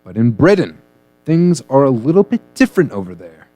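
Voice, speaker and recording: Punning comedy radio host. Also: male voice, medium pitch, very animated, a little fast, mellow, dry recording. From United States. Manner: jokey, punning, playful delivery. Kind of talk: comedic news banter.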